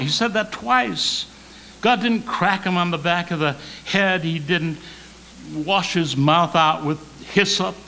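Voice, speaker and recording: A man preaching a sermon as associate pastor, swinging between loud emphasis and soft, near-whispered lines, repeating key words slowly. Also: high-pitched, vocal fry, a little hiss or hum, poor audio. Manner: slow deliberate preaching with repetition. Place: church sanctuary.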